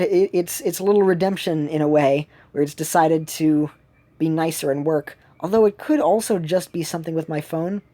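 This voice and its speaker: A woman's voice: on the low side, dark tone. A woman giving rambling, casual commentary while streaming a mobile game from home, with many fillers and restarts.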